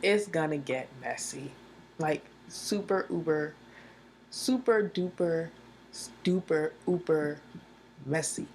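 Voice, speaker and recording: A woman reviewing a television drama in a casual vlog, telling it with animated, slangy storytelling, repeating phrases for emphasis and laughing often. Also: low voice, takes it slowly, slight background noise.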